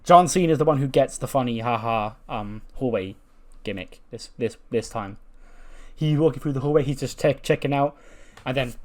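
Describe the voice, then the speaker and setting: A man narrating a wrestling sim playthrough in a relaxed, chatty way, loose and full of fillers. His voice sits at an ordinary middle pitch. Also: normal speed. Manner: casual, chatty, lots of fillers. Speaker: gaming creator.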